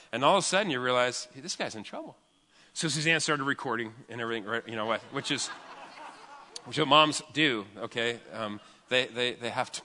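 Fast, bright-voiced pastor in a reverberant hall. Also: male voice, medium pitch. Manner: animated, chatty storytelling with fillers. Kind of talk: storytelling sermon.

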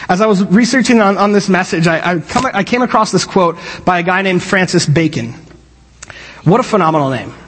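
A man preaching a sermon from a church stage, animated and joking, often restarting his sentences. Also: sits high, brisk, slightly rough, in a large hall. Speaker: pastor. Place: church sanctuary.

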